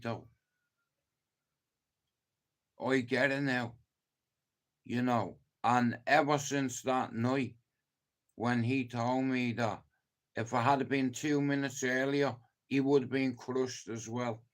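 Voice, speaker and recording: A man with an Irish accent talks slowly and deliberately through a casual live-stream monologue. He swears freely and leans hard on his points, speaking in a middling voice. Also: mid-range voice, fairly even intonation. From Ireland. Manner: sweary, emphatic storytelling.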